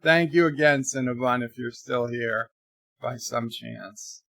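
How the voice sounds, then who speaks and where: A man's voice: medium pitch, unhurried, gravelly, sharp tone, dry recording. A man hosting a casual livestream, reading viewer questions and rambling as he tries out silly put-on accents. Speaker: livestream host. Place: home.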